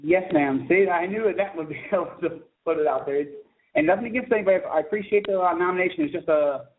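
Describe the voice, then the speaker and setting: A man speaking quickly and fairly high as a guest author, rambling eagerly from one story to the next. His voice comes through a tinny phone line with a faint hiss behind it. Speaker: children's book author, guest. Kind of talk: casual phone interview chat.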